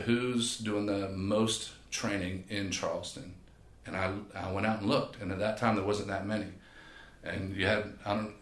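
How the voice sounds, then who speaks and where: A man, a podcast guest and personal trainer, telling stories in a casual, animated way and acting out quotes. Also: lowish voice. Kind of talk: casual storytelling. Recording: echoey room.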